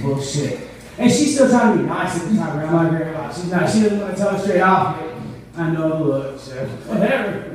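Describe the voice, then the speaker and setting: A stand-up comedian in his thirties delivers a rambling, profane set and laughs at his own jokes. His voice is high-pitched and a little mellow, heard in an echoey room with the mic far off.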